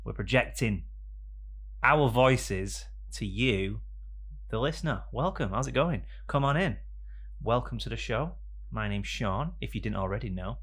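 A man hosting a podcast in a studio, rambling and joking with bursts of loud energy. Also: mid-range voice, expressive, normal speed, slightly rough. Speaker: podcast host. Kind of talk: casual chat. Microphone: studio microphone.

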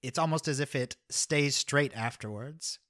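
A man running a tabletop game as game master, narrating with chuckles and halting restarts. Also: mid-range voice, fairly bright tone.

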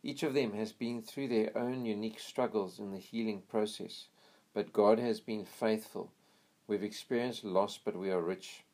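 A man reading a memoir aloud in an earnest, steady way, now and then pausing to pray quietly. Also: lowish voice. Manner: earnest, pauses for quiet prayers. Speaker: reader of a missionary memoir.

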